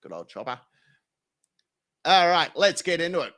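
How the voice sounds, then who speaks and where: Here an Australian livestream host banters with chat as he goes through comments, swearing and laughing plenty. His fairly high voice has a sing-song lilt. He speaks at normal speed, and his delivery is pushed and bright.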